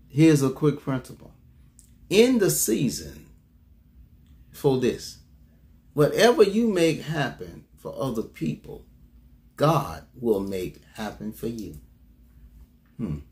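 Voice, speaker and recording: A man preaching a sermon who repeats his key lines, calls out to the congregation for a response, and makes sudden leaps in pitch for emphasis. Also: big pitch swings, takes it slowly, pauses often, darkish tone.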